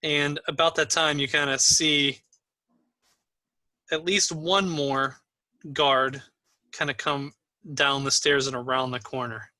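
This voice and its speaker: Bright-voiced man running a tabletop game. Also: medium pitch, little pitch movement, takes it slowly, long pauses, no echo, poor audio. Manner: easygoing, with many fillers, still learning the player names. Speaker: game master.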